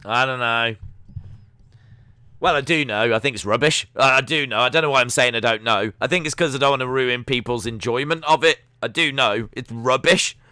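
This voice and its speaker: A man's voice: medium pitch, moderate pace, bright, forceful tone, clear, resonant tone, dry recording, clean studio sound. A young man hosting a live stream watch-along, giving chatty, sarcastic, opinionated commentary.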